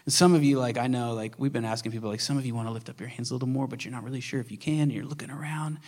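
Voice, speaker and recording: A male pastor preaching a sermon with earnest, shifting emphasis, at times dropping to a hush and then building up again. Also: mid-range voice, steady tone, racing. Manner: earnest preaching, swings between hushed and emphatic. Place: church sanctuary.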